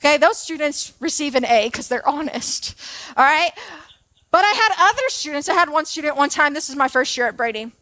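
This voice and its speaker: A woman giving a storytelling sermon in a chatty, animated way, often checking in with her audience. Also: sits high, a little fast, dry recording. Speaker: preacher and former teacher. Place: church auditorium.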